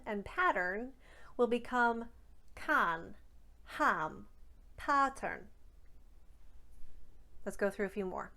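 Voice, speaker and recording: A woman's voice: medium pitch, a bit bright. Woman speech coach demonstrating vowels. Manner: crisp, deliberate enunciation of sample words. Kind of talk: scripted accent tutorial.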